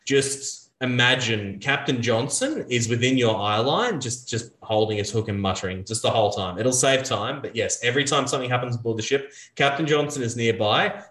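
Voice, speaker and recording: A man's voice: mid-range voice, normal speed, few pauses, fairly bright tone, reverberant. A man narrating as game master of a tabletop role-playing game, with many fillers and restarts.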